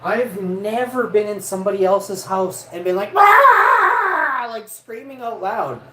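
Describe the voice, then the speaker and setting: A man telling a rough, profane story in a blunt, casual way as a vlogger. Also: sits high, normal speed, heavy background noise. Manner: blunt and profane, peppered with "eh" and "you know". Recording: roomy echo.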